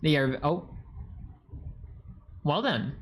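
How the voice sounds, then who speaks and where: A young man with a somewhat high voice gives casual reaction commentary, chatty and easily excited. He swears in passing as he talks over the videos. A faint hiss sits under the recording. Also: drawn-out words. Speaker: streamer reacting to videos and chat.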